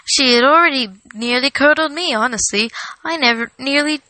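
Excitable young hobbit man for a storybook reading, high and bright, eager, played by a woman. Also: moderate pace, a little hiss or hum, poor audio. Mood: earnest. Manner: eager, rising exclamations.

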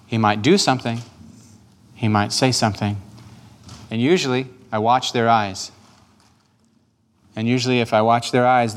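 A male pastor leads a guided prayer in a patient, gentle manner. His voice sits at an ordinary middle pitch, and he repeats his questions as he coaches his listeners.

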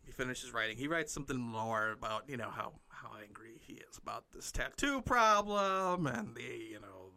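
A man's voice: mid-range voice, lively intonation, moderate pace, hardly any pauses, sharp tone. A man improvising a comic story, rambling and playful, often breaking into giggles.

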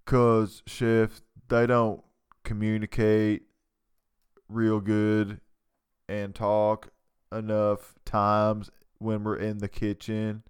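A man impersonating a nervous cooking-show contestant who answers slowly and haltingly, deferring to the chef. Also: lowish voice, completely flat delivery, clear, resonant tone. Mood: hesitant. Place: home basement.

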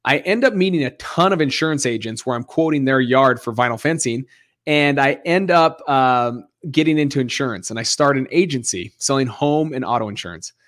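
Animated man telling his story. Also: mid-range voice, a little fast. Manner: animated storyteller acting out dialogue. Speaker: guest, real estate investor. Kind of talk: storytelling interview.

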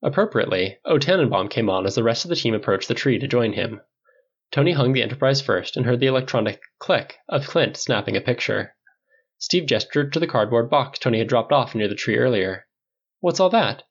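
A man reading fan fiction aloud in an expressive storytelling manner. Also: medium pitch, brisk, breathy edge, muffled recording. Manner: expressive, does voices. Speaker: audiobook reader.

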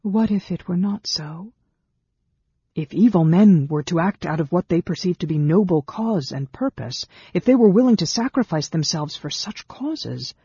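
A woman's voice: lowish voice, expressive, moderate pace, warm tone, breathy edge, no echo, highs cut off, voice pushed up, full character voice. A narrator voicing Sarah, a tense, earnest woman who speaks with urgency. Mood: urgent.

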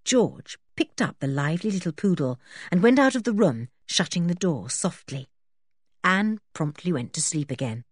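Lively, husky-voiced woman reading a storybook. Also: lowish voice, moderate pace, no room sound, clean studio sound. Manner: expressive reading with character voices. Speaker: audiobook reader. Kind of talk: storybook narration.

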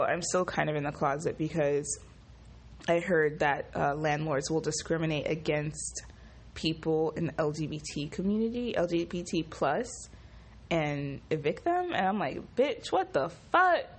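A groggy young woman who just woke up, talking in a casual vlog with profane, animated, exasperated ranting. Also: deep voice, moderate pace, breathy edge. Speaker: vlogger.

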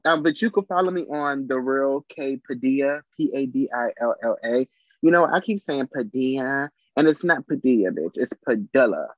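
A man chats as a comedian guest, animated and joking, dropping "you know" constantly. His voice sits at an ordinary pitch. The recording is dull and lo-fi, with a dry, close sound. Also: normal speed, no room sound. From Trinidad and Tobago. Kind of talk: casual interview chat.

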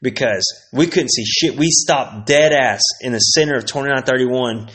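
A man's voice: mid-range voice, moderate pace, fairly bright tone. Man in his forties, casual solo storytelling, slangy, swears a lot, rambling. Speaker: streamer.

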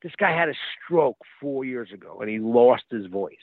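A man telling stories as a guest over the phone. He talks in a lively, casual way, repeats words and acts out quotes. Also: mid-range voice, moderate pace, dry recording. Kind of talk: casual storytelling. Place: outdoors by a street. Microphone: phone call. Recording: tinny phone line, dry.

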